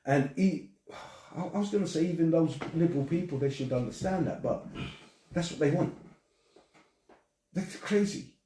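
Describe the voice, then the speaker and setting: An older man hosting a casual podcast chat, animated and swearing as he rants. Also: on the high side, normal speed, long pauses, slight background noise. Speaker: podcast host. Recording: echoey room, distant from mic.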